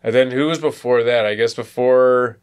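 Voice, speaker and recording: Smooth-voiced man telling a funny story. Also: medium pitch, normal speed. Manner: animated storytelling, mimics people. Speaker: podcast co-host. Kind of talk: casual chat.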